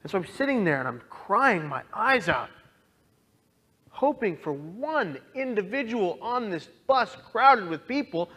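A young man speaks with earnest feeling about his own experience. His voice sits a little high and swings widely, dropping to hushed moments and rising to impassioned appeals. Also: very animated, a little slow, breathy edge. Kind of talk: personal testimony talk.

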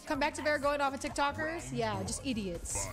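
A woman with a high, lively voice that swings widely in pitch, commentating her own fighting-game match for a live chat. She swears freely and trash-talks, and game music plays underneath. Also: moderate pace. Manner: excitable, profane, trash-talking chat. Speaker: game streamer. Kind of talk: live gameplay stream commentary. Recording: game music audible behind.

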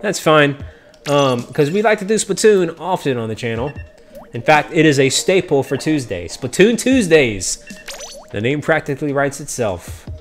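Guy on a live gaming stream, upbeat, kinda high voice, calls out chatters by name, faint game music behind. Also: big pitch swings, moderate pace. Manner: upbeat, greets and teases viewers by name. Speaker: streamer playing online matches with viewers. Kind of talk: casual live-stream chat.

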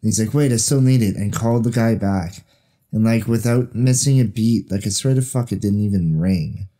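A man with a low, dark and mellow voice co-hosts a podcast in casual chat. He tells stories in an animated way and swears freely. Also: normal speed. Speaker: podcast co-host.

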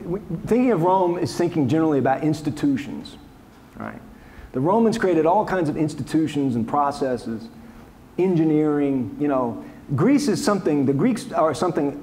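A man's voice: a little high, warm tone, a little hiss or hum. A man, a historian, answering audience questions after a lecture in a conversational, wry way, with frequent restarts and asides. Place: lecture hall.

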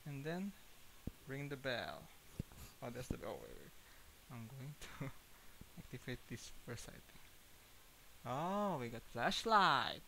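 A man's voice: mid-range voice, big pitch swings, takes it slowly, creaky, pauses often, pushed and bright, slight background noise, poor audio. A man with an Indonesian accent playing a horror game, jumpy and nervous, repeating himself in panic and laughing it off. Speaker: gaming YouTuber. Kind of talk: horror game let's-play.

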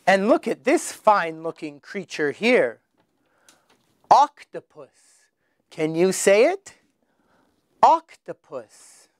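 A man teaching children their letters, slowly sounding out each one with exaggerated emphasis. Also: high-pitched, big pitch swings, no echo, studio quality. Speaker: English teacher. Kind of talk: children's phonics lesson.

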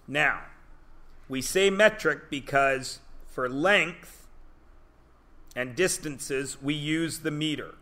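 A man's voice: fairly high pitch, pushed and bright. A male teacher giving a joking, self-deprecating classroom lecture to his students.

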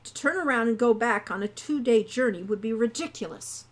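A woman's voice: fairly high pitch, a little fast, natural voice. A woman voicing a cold, sardonic, bookish young man.

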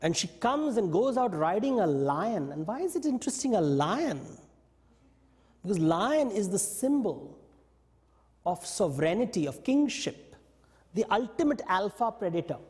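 A man giving a lecture, telling stories in an animated way and briefly acting out what the characters say. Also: high-pitched, unhurried, big-room sound. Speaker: invited speaker. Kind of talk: lecture on mythology. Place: yoga studio talk.

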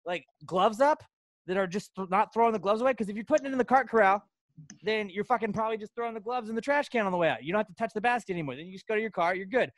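High-voiced man on an angry profane rant. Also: racing, no echo. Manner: profane, loud, angry ranting. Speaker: podcast co-host. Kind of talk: heated rant on a podcast.

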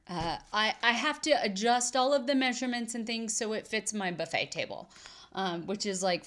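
A chatty woman in casual vlog talk, rambling and doubling back to fix her own words. Her pitch sits in an ordinary middle range for a woman's voice. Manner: chatty, rambling, self-correcting. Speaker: cross stitch vlogger. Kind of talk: casual chat.

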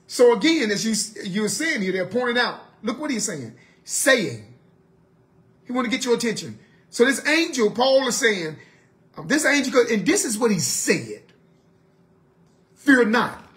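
High-voiced man preaching with lively pitch. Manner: emphatic, asks the listeners rhetorical questions; swings between loud urging and low, quiet asides. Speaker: Bible study teacher. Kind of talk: sermon-style Bible teaching.

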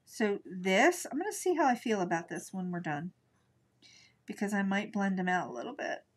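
A middle-aged woman leads a live art lesson, talking through each brushstroke in a relaxed, chatty way. She thinks out loud and answers viewers as she paints. Her voice sits at an ordinary middle pitch. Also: moderate pace. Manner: chatty, thinks aloud while working. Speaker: art instructor.

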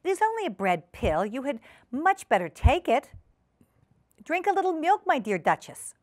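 A woman's voice: sits high, sing-song, moderate pace, no echo, voice pushed up. A woman voicing a prim, polite lady cat hostess in a storybook reading, in a raised, genteel voice.

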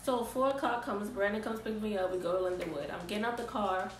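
A young woman in casual, slangy storytime vlog style, recounting events in an animated way. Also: medium pitch, fast talker, slight background noise. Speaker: vlogger. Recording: roomy echo, distant mic.

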